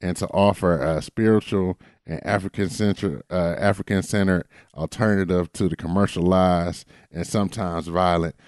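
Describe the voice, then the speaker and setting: Deep dark-voiced man podcaster. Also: steady tone, normal speed, hardly any pauses, no echo, studio quality. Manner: laid-back, blunt, calls people baby. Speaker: podcast co-host. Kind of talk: casual chat.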